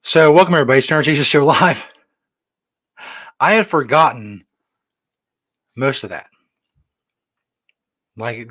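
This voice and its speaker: A man hosting a live stream, talking loosely and offhandedly with plenty of casual cursing. His voice sits at a middling pitch, and the sound is dry and close. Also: fairly bright tone, no room sound. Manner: loose, offhand, profane chatter. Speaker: host. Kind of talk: live show chat.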